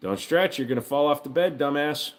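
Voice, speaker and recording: A man's voice: a little high, fairly quick. A man hosting a casual livestream from home, joking with profanity and cooing baby talk to his dog. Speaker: livestream host.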